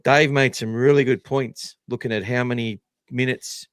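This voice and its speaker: A man's voice: mid-range voice, normal speed, clean tone, dry recording. An Australian man hosting a live podcast, talking in a blunt, sweary, casual way. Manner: blunt, sweary, animated opinions. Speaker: podcast host.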